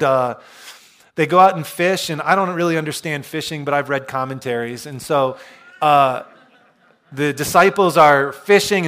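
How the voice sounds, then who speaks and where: A male pastor preaching a sermon, retelling scripture in a relaxed, storytelling way with self-deprecating humor. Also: fairly high pitch.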